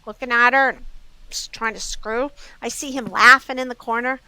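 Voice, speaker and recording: Woman with a Southern US accent, bright, crisp and close-miked, telling anecdotes on a podcast. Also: fairly high pitch, moderate pace, dry recording, low-quality recording. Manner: lively anecdotes, acts out customers' quotes. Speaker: jewelry store owner, guest. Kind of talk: casual storytelling.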